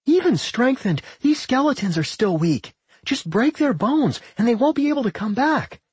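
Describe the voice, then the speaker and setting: A man voicing a cocky young female warrior who taunts her foes loudly, in a husky voice in an audiobook. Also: on the high side, animated, normal speed, no echo, voice pushed up. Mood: boastful. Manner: loud, taunting.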